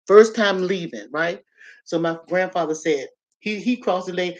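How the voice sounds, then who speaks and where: This is a woman, telling a story from her own life. She talks in an animated way and speaks straight to her listeners. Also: lowish voice, moderate pace. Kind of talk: personal storytelling to an audience.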